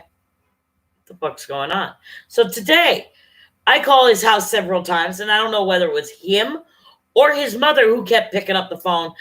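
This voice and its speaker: A woman's voice: mid-range voice, a bit bright. A woman venting angrily and profanely on her vlog, talking straight to her viewers. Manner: angry, profane, fast-shifting rant. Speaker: vlogger.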